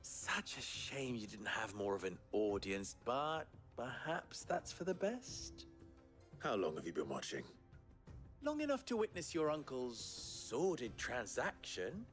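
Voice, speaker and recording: An actor playing a composed young male hero with a measured, dry wit, in a video game cutscene. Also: medium pitch, wildly swooping pitch, fairly bright tone, faint music behind. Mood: wry.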